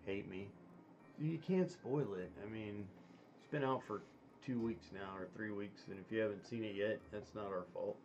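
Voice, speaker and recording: A man's voice: on the low side, moderate pace, darkish tone, lo-fi sound, a little hiss or hum. A man hosting a casual chat, talking in a rambling way with many fillers and restarts. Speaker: stream host.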